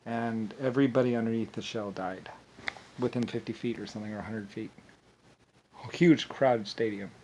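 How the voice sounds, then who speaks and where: A man's voice: on the low side, normal speed, a little mellow, slight background noise. A man talking in a rambling, profane monologue, full of restarts and angry outbursts. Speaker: video monologue speaker.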